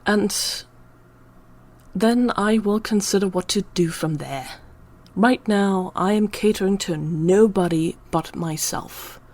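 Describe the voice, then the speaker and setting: A woman's voice: fairly low pitch, darkish tone. A woman talking in an unscripted personal ramble, emotional and close to tears, sometimes dropping to a whisper. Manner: emotional, on the verge of tears, drops to whispers at times. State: teary. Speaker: channel host.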